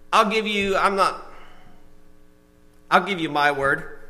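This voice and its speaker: A man preaching a sermon to a small congregation and listeners, telling stories and reading out lists, swinging between loud emphasis and soft asides. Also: a little high. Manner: reads lists of words slowly, one at a time. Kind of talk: sermon with storytelling.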